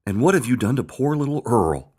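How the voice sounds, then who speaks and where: A man's voice: medium pitch, very animated, a little fast, darkish tone, pitched above the performer's own voice. A man voicing an exasperated mother who scolds. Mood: scolding.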